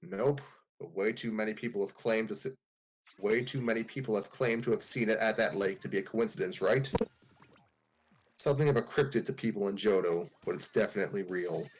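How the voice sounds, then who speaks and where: A man doing a relaxed, know-it-all gym leader. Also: fairly low pitch, brisk, a little hiss or hum, lightly acted, low-quality recording. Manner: relaxed, lecturing like a tour guide. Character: friendly knowledgeable young male gym leader.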